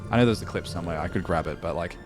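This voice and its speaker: A man's voice: deep voice, racing, over music. A man streaming live, chatting casually with his viewers, reading out their messages and telling a funny story with lots of laughs.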